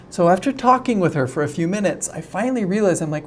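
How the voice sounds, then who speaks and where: A man's voice: a little high, animated, fast talker, few pauses, darkish tone, slight background noise. A young man teaching an online English lesson in a chatty way, often checking in with "right?".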